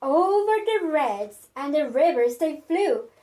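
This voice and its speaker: A woman reading a picture book aloud to children in an expressive, sing-song way. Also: sits high, slow pace. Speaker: children's storyteller.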